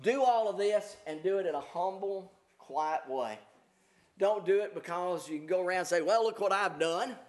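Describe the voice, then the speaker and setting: A pastor preaching a conversational sermon, reading scripture aloud and explaining it with frequent fillers and restarts. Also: male voice, high-pitched, moderate pace, darkish tone.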